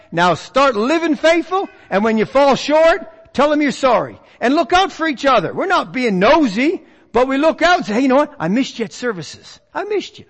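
Middle-aged male revival preacher, high and very animated, earnest, church reverb. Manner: swings from loud urgent exhortation to hushed earnest tones. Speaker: visiting preacher. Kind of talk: revival sermon. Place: church sanctuary. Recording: long reverb of a church hall.

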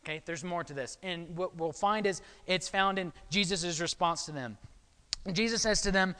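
A man's voice: high-pitched, moderate pace, pushed and bright, clear, resonant tone, long reverb tail. A man preaching a sermon in a conversational way, often checking in with his listeners. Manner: conversational, frequent "okay?" check-ins.

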